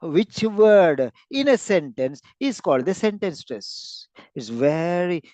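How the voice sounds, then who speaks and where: This clinical speaking lecture features a man whose high-pitched voice is sing-song, slow, and darkish in tone. He demonstrates word and sentence stress by stressing and repeating words, captured on a rough recording with no room sound.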